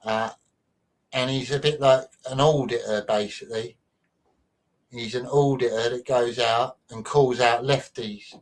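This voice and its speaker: A man hosts a show in an easy, mid-pitched voice, his Mancunian accent worn down by years in London. He rambles, repeats phrases and drops chatty asides to his audience. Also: steady tone, a little slow. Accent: mild Mancunian, softened by London. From near Manchester, England. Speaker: show host. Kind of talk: casual chat.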